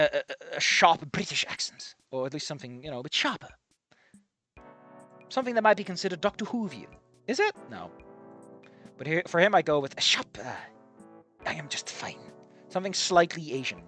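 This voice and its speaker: A man's voice: fairly high pitch, lively intonation, fairly quick, a bit bright, soft background music. A man reading a story aloud and commenting on it in a rambling, casual way, cursing freely and breaking off mid-thought. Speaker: fan fiction reader and commentator.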